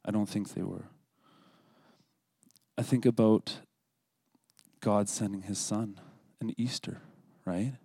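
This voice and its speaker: A man's voice: fairly low pitch, steady tone, slow, vocal fry, pauses often, mellow, slightly rough, no room sound. A man giving an earnest, scripted devotional talk at a church service, sometimes dropping to a whisper for prayers. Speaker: lay speaker at a church service.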